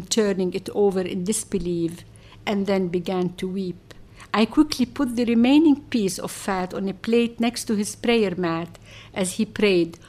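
A woman reading a first-person story aloud as an audiobook narrator, with measured storytelling and wry asides. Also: medium pitch, darkish tone.

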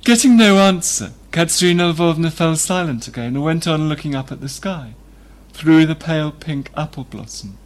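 Male reader, slightly high-pitched, steady literary narration. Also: moderate pace, hardly any pauses. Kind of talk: reading a novel aloud.

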